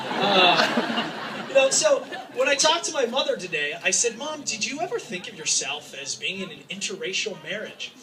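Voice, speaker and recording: A man from Utah giving an impassioned, joking public speech to a crowd as an activist, sometimes raising his voice to a shout. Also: sits high, very animated, moderate pace. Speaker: activist speaking at a rally. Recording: distant mic with faint background noise.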